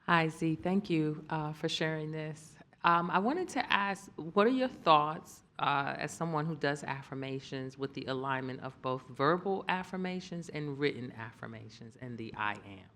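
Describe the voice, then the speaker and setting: A woman's voice: sits low, moderate pace, hardly any pauses, fairly bright tone. A woman attending a workshop, asking the leader a question in a hesitant, polite way. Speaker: workshop participant.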